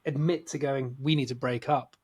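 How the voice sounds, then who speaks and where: A man's voice: mid-range voice, steady tone, moderate pace, a little mellow, breathy edge. Man, chatty film podcast co-host. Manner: chatty, retells scenes with laughter. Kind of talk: casual film review chat.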